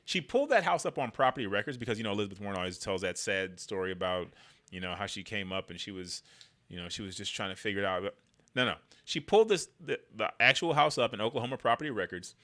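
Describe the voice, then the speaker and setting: Bright-voiced, slangy man riffing on politics. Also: on the low side, animated, fast. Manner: slangy and conversational, riffing loosely. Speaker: political commentator. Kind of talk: casual political commentary vlog.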